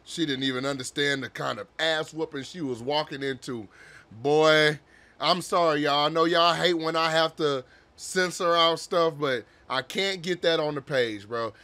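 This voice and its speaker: Reaction host, man, crude jokester, bright higher voice, laughs a lot. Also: normal speed. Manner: crude, joking and laughing often. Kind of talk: casual reaction commentary.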